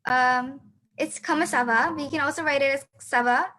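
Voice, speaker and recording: A woman's voice: sits high, fairly quick, pushed and bright, rough recording. A teenage girl teaching a beginner lesson over a video call, hesitant with many fillers and restarts. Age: teens. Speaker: student teacher. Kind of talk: online class lesson.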